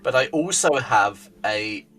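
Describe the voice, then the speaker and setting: A man running a tabletop game, chatting with his players in an animated, laughing way. His voice is bright and sits a little high, with lots of movement in pitch. Faint music plays behind him. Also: slow pace. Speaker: game master.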